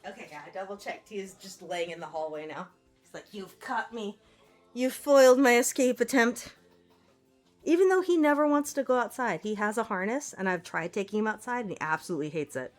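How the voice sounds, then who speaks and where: A woman's voice: medium pitch, sing-song, fast, faint music behind. A woman artist chatting casually on a livestream from home, laughing often and talking to her cat. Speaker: artist streamer.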